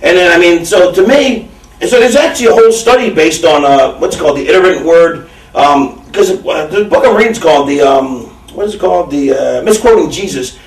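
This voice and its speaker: A man with a high-pitched voice rambles through a casual chat, stacking fillers and restarting his sentences. He sounds far from the mic in an echoey room, as if recorded across a restaurant table. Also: animated, a little fast. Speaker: interviewee. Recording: roomy sound from a distant mic.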